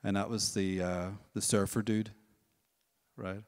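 A man giving a testimony at a church service, telling his story in a lively way and acting out other people's voices. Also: on the low side, a little slow, big-room sound. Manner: storytelling, animated, acts out voices. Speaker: worship leader. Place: church hall.

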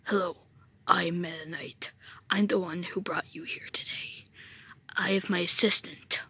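A woman voicing a calm, scheming masked male knight villain in a low, hushed whisper, a whispered role-play. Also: a little slow, slightly rough, no room sound, full character voice.

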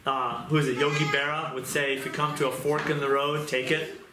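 A man's voice: on the high side, flat delivery, fairly quick. Earnest man preaching in an echoey room. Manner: earnest storytelling, emphatic repetition. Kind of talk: testimony sermon. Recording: echoey room with loud noise.

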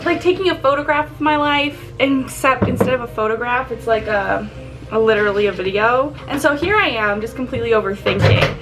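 A woman's voice: a little high, a little fast, music in the background, poor audio. A young woman chatting casually to her camera at home, rambling with lots of fillers. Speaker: vlogger. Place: apartment, indoors.

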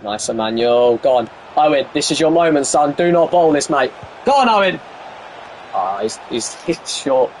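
A young man live-streaming a football video game, bantering with teammates over voice chat and shouting at the plays. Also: mid-range voice, expressive, moderate pace, a little hiss or hum.

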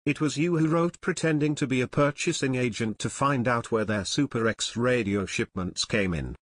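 A bald, quarrelsome thug in his thirties who grumbles and defends himself, as a male narrator puts him on. The storybook voice is dry and close, at a middle pitch. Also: moderate pace, dry recording, lightly acted. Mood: accusing.

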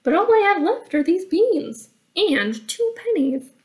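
A woman's voice: very high voice, big pitch swings, unhurried, a little mellow, pitched above the performer's own voice, heavily acted. A woman voicing a naive young boy, earnest and innocent.

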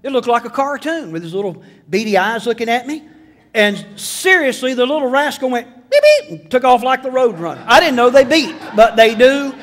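A high-pitched middle-aged man delivers a sermon. He tells homespun stories and cracks jokes along the way. His voice carries a long reverb, as if filling a church sanctuary. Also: expressive, fairly quick, fairly bright tone. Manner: folksy storytelling with jokes and voiced asides. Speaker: pastor.

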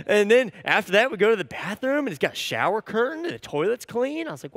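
A man in his thirties giving a sermon as an animated, self-deprecating storyteller. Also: sits high, fast, hardly any pauses, dry recording, clean studio sound, in a large hall. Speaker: church staff speaker.

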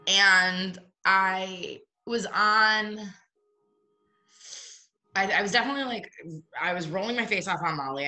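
A woman's voice: medium pitch, sharp tone, low-quality recording. A young woman, a comedian, rambling through a story in casual chat.

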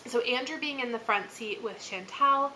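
A woman's voice: fairly high pitch, moderate pace, bright, forceful tone, a little hiss or hum, poor audio. A woman in her thirties hosting her channel, telling a spooky personal story in a casual, chatty way, full of fillers and little laughs. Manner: chatty, filler-heavy, laughs as she talks. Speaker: channel host.

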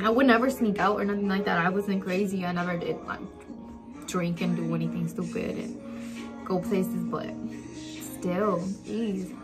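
A young woman vlogging a personal story while doing her makeup at home, rambling and emotional, full of fillers. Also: medium pitch. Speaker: beauty vlogger. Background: background music.

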